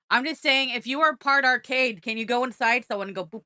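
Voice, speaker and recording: This young woman's voice is a little high, bright, forceful, and clean, moving fairly quickly with hardly any pauses in echo-free studio quality. Faint music plays behind her casual live stream as she goofs around with viewers in chat, repeating things in a sing-song way.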